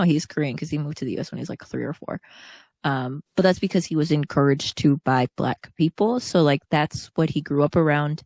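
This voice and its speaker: A woman's voice: low voice, vocal fry, a little mellow, dry recording, studio quality. A woman co-hosting a podcast in casual chat, rambling and hedging with many fillers. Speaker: podcast co-host.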